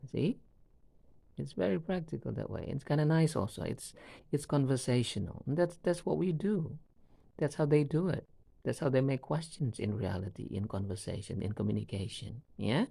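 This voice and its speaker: Gravelly-voiced man teaching English. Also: medium pitch, mellow, dry recording. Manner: slow, repetitive, checks in with "all right?" and "right?". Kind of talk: video lesson.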